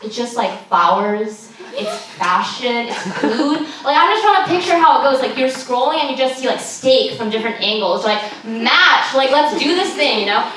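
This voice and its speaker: A young woman comedian from California doing a stand-up set. Her voice sits a little high, and she is chatty and self-deprecating, full of ums and giggles. She is picked up from a distance in a very echoey room with some noise behind her. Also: a bit bright. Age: young adult. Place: comedy show stage in a room.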